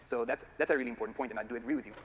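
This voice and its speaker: A man answering audience questions after a conference talk, thoughtful and halting, heard through a muffled recording. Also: mid-range voice, fairly even intonation, crowd noise.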